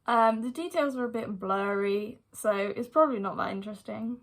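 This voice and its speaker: A woman's voice: on the high side, normal speed, hardly any pauses. A young woman telling a personal story to her viewers in a chatty vlog style, with many "like" fillers and direct asides to the audience. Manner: chatty retelling full of "like" fillers. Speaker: vlogger.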